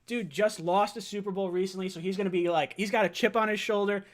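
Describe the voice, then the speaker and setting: Excited high-voiced young man hosting. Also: fast. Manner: excited, laughing, often shouting. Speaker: fan show host. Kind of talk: live-stream call-in fan talk.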